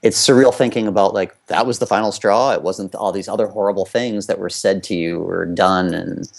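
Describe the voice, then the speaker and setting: This American man, a former competitive skater appearing as an interview guest, has a low, creaky voice with a steady tone and a slightly quick pace. He tells a candid personal story in loose, run-on conversational sentences packed with fillers.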